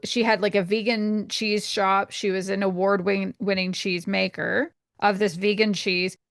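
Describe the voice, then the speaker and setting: A Canadian woman co-hosting a podcast, summarizing a book in a rambling, casual way with quick asides. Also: mid-range voice, little pitch movement, gravelly, no echo, studio quality. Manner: rambling explanations, quick asides, frequent laughs. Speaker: podcast co-host. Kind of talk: casual chat.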